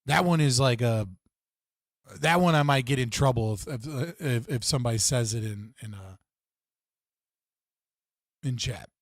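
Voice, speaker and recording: A young man hosts a casual livestream, rambling and swearing, laughing a lot and often restarting his sentences. His mid-range voice moves at a measured pace with long pauses, captured as clean studio sound with no room sound.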